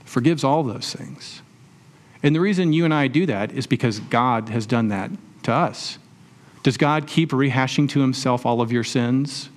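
A male pastor delivering a sermon in a relaxed, conversational way. He asks the congregation questions and uses homely examples, with his voice sitting at an ordinary middle pitch. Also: normal speed. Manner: conversational preaching with rhetorical questions and everyday examples.

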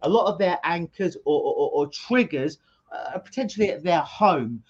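A middle-aged hypnotist being interviewed over a video call, explaining his work as an energetic storyteller who often repeats words at the start of sentences. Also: on the high side, moderate pace, husky, highs cut off. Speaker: hypnotist guest.

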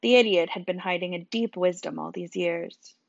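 Audiobook narrator: low woman, wry delivery, dull dry studio sound. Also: moderate pace, vocal fry, no echo. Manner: wry, dry first-person telling. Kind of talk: storybook narration.

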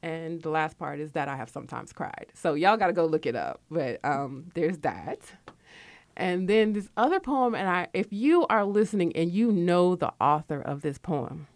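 Low-voiced reflective woman. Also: lively intonation, moderate pace, dry recording. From Connecticut, USA. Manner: reflective, chatty storytelling. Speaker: radio show guest, author. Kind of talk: casual radio interview talk.

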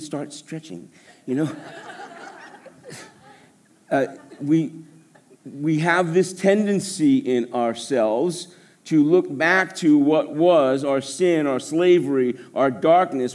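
A male pastor preaching a sermon to a congregation, animated, with joking asides. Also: a little high. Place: church service.

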